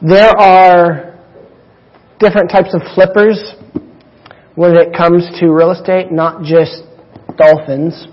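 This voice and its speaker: Slow, husky-voiced man preaching. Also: high-pitched, steady tone. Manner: deliberate, emphatic preaching with drawn-out pauses. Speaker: pastor. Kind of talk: sermon. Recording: dull lo-fi recording.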